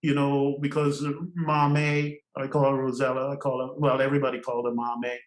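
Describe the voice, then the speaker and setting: An older man from Trinidad, a podcast guest, telling stories in an animated way and laughing often between phrases. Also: mid-range voice, normal speed, roomy sound, poor audio. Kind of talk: storytelling interview.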